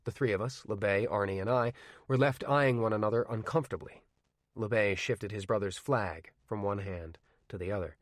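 A man narrating a novel in first person with measured, wry storytelling. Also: fairly low pitch, dry recording, studio quality. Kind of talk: audiobook narration.

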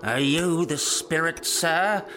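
A man's voice: fairly high pitch, slow pace, music in the background, pitched above the performer's own voice. A man voicing an old miserly man, raised and urgent as he speaks to a ghost. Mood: startled.

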